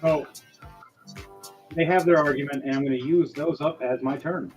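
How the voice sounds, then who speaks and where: A man runs a tabletop game with a casual, crude delivery full of fillers and restarts. His voice sits a little high. Faint music plays under him. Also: steady tone, normal speed, rough recording. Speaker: game master. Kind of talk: narrating a tabletop game over a stream.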